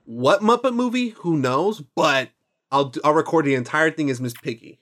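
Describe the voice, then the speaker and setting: A man's voice: fairly high pitch, expressive, moderate pace, fairly bright tone. A man co-hosting a movie podcast in casual chat, rambling, playful and self-mocking. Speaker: podcast co-host.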